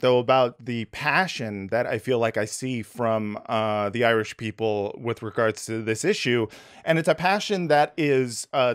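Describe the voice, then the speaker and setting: A man hosting a casual podcast interview over a remote call, talking in a rambling, hesitant way with many fillers and restarts. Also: mid-range voice. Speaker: podcast host.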